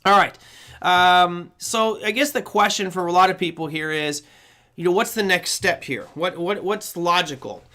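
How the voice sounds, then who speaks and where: A man's voice: high voice, moderate pace, bright, forceful tone. A man hosting a live trading show, giving rambling market commentary, correcting himself often and acting out the voices he quotes.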